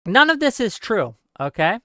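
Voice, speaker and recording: A talk show host giving emphatic, argumentative commentary and rebutting viewer comments, often adding quick tag questions. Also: medium pitch, big pitch swings, bright, forceful tone, no room sound, clean studio sound. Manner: frequent tag questions and fillers. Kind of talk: live call-in commentary, reading viewer comments.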